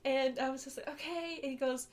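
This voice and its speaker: A woman's voice: sits high, monotone, fast, a crowd in the background. A young woman co-hosting a podcast, telling a story in casual chat, swearing freely, laughing often and acting out the voices she quotes. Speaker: podcast co-host.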